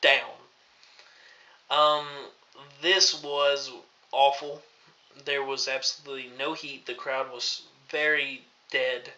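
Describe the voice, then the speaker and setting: A man from Tennessee hosting a casual review vlog, rambling with many pauses and restarts. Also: mid-range voice, little pitch movement, sharp tone. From Tennessee, USA. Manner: rambling, lots of ums and restarts. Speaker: host. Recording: dull lo-fi recording.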